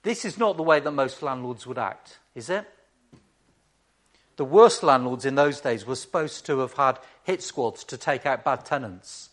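A man's voice: mid-range voice, expressive, normal speed, a bit bright. A man preaching a sermon in a conversational way, with rhetorical questions and dry asides to the congregation.

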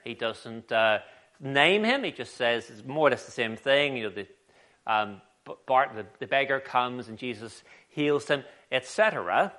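A man preaching a sermon in an animated, conversational storytelling way. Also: medium pitch, unhurried.

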